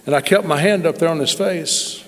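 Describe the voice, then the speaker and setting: A man's voice: a little high, moderate pace, a bit bright. A middle-aged man telling a testimony in a sermon, folksy and emphatic. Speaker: preacher. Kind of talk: sermon storytelling. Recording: long reverb in a large hall.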